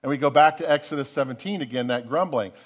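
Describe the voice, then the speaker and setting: A man's voice: mid-range voice, quick pace. A man preaching a sermon in an earnest way, often repeating the first word of a phrase as he goes. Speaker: pastor.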